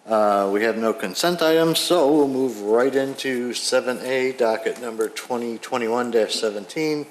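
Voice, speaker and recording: A man chairing a village plan commission meeting, brisk and procedural. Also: medium pitch. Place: village council chamber.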